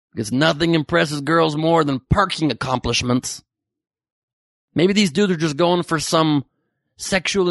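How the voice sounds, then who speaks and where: A man's voice: on the high side, creaky, dry recording, studio quality. A man hosting a podcast, riffing sarcastically and profanely on news headlines. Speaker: podcast host. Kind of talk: comedic news commentary.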